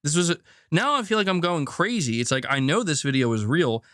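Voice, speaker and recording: A man's voice: fairly high pitch, expressive, brisk, fairly bright tone, no room sound, studio quality. A man hosting a gaming news show in casual chat, rambling, exasperated and jokey.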